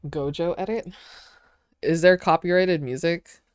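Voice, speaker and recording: Young woman rambling chattily, lowish voice. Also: a little slow, a little mellow, clean tone, dry recording, studio quality. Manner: rambling, filler-heavy storytelling with frequent giggles. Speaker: streamer. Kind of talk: casual chat with stream chat.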